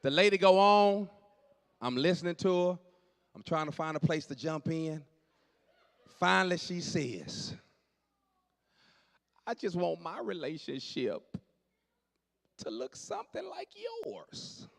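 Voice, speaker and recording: A man doing stand-up comedy in a church, telling stories with animated delivery, acting out dialogue and shouting punchlines to a live audience. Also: on the high side, measured pace, creaky, long pauses.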